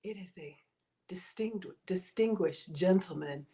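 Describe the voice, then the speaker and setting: A woman's voice: medium pitch, animated, a little slow. A woman hosting a casual live cooking stream, playful and theatrical, breaking into gasps and whispered asides. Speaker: home cook and live-stream host.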